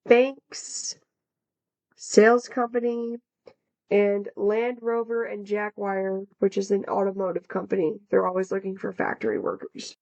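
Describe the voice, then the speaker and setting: A woman's voice: mid-range voice, darkish tone. A young American woman co-hosting a podcast, reading researched facts in a casual, chatty way with plenty of fillers. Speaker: podcast co-host. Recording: dull lo-fi sound.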